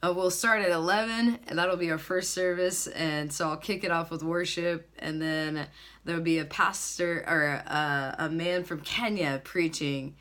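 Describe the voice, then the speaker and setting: A woman worship leader giving a casual church announcement, bubbly and laughing often, repeating words when she gets excited. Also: on the low side, a little slow.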